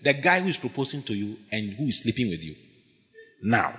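A man preaching a sermon as pastor, emphatic and animated, often shouting and laughing. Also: lowish voice, fairly quick. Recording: long hall reverb.

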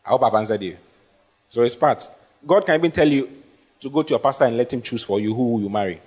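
A fast-talking man with a medium-pitched, darkish voice and a breathy edge preaches as a pastor. His call-and-response sermon is emphatic, rising to stressed phrases, and he often prompts the congregation to answer his questions.

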